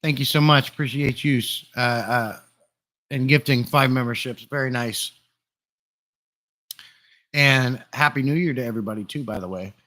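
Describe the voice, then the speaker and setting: A man hosting a casual live stream, chatting in a relaxed way and greeting viewers by name, recorded on a desktop mic in a room full of glass fish tanks. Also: mid-range voice, normal speed, long pauses. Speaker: livestream host. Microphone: desktop USB condenser mic.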